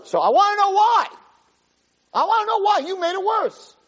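A man's voice: fairly high pitch, expressive, fairly quick, a little mellow, low-quality recording. A man voicing an indignant ancient prophet. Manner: indignant, pleading. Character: frustrated ancient male prophet confronting God.

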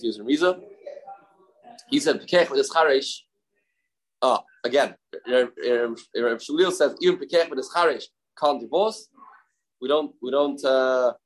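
A man teaching a daily Talmud class, explaining quickly and mixing in Aramaic terms with frequent restarts. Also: medium pitch, poor audio.

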